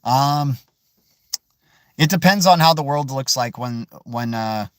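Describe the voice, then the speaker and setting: A man hosting a casual crypto livestream, answering viewer questions in an animated, emphatic way and tossing in "dude" and "man". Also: mid-range voice, slow, no echo. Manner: animated, peppers speech with "right?", "dude" and "man"; emphatic, swears mildly for emphasis.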